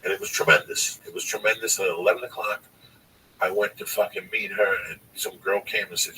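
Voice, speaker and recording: A man's voice: fairly low pitch, steady tone, a little fast, sharp tone. A man around sixty telling a long personal story on a podcast, cursing freely and rambling with emphasis. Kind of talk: casual storytelling. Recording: distant mic, faint noise.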